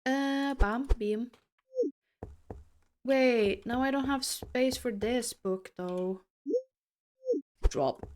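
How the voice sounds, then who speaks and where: A woman's voice: on the high side, extremely slow, long pauses. A woman streamer chatting casually with her viewers while playing a game, rambling and giggling through asides. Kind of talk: casual live-stream gameplay chat.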